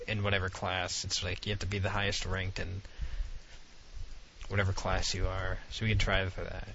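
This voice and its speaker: A man's voice: fairly low pitch, pushed and bright, slight background noise. A young man in casual chat, rambling in a laid-back way about video games, recorded on a muffled lo-fi setup. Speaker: gamer co-host.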